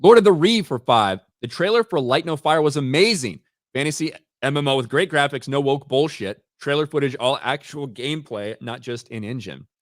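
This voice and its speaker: A man's voice: mid-range voice, expressive, moderate pace, few pauses, no room sound, clean studio sound. Profane, rambling male stream host. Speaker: show host reading viewer comments. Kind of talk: casual livestream chat.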